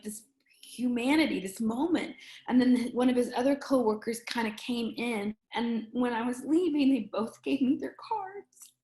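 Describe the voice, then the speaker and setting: A middle-aged woman speaking earnestly and emotionally as an interview guest, often halting and restarting her sentences. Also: fairly high pitch, darkish tone, reverberant. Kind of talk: candid conversation.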